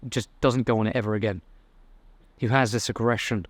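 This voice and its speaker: A man's voice: fairly low pitch, steady tone, brisk, dry recording. Blunt, fired-up young man. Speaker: self-improvement vlogger. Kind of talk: motivational talk to camera.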